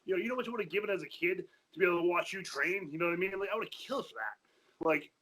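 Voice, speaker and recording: A man with a bright, slightly high voice tells old gym stories in a quick, casual rush. He swears freely and keeps circling back with restarts. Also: expressive, slightly rough, low-quality recording. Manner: fast, profane, repeats himself in restarts. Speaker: podcast guest, former powerlifter. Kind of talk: casual chat.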